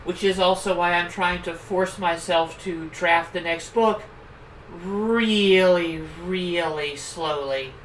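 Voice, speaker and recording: A woman's voice: fairly low pitch, steady tone, takes it slowly, a little hiss or hum. A German-native woman chats her way through a game stream, wandering into long asides, her throat a bit sore from a cold. She sits well back from the mic. The sound rings around an echoing room. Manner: chatty, rambling asides. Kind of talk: casual stream commentary. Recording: roomy, distant mic.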